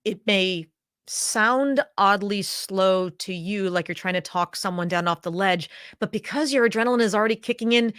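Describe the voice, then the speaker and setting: A woman coaches leaders in an emphatic, deliberate presentation, slowing down and demonstrating speech habits to make her points. Her voice sits at an ordinary middle pitch for a woman. It is recorded close and dry, with no room echo. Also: fairly bright tone. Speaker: executive voice coach.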